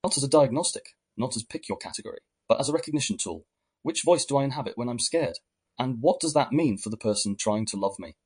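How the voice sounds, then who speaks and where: A man hosting a podcast, giving measured, reflective scripted narration. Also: mid-range voice, lively intonation, darkish tone, breathy edge. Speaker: podcast host.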